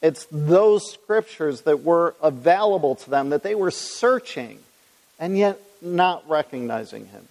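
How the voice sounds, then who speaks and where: A male preacher with a gravelly edge to his voice, working verse by verse through scripture for a live audience. He talks in a conversational way and puts questions to the room. His voice carries a long reverb tail, as in a large hall. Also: on the high side, animated, unhurried, a little mellow. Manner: conversational, reads scripture aloud, asks the congregation questions. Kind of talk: expository Bible teaching.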